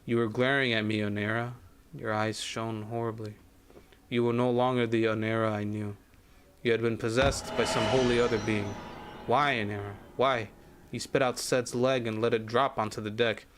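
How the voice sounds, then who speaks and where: A man streaming a game, reading its story text aloud in a measured, grave way that sometimes drops to a hush. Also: mid-range voice, steady tone, slight background noise. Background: faint game music.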